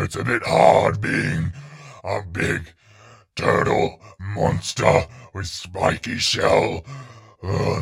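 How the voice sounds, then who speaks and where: A man voicing a big spiky turtle monster father who is sheepish, talking slowly and haltingly in a flat gravelly voice. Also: lowish voice, heavily acted. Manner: slow, halting, flat delivery.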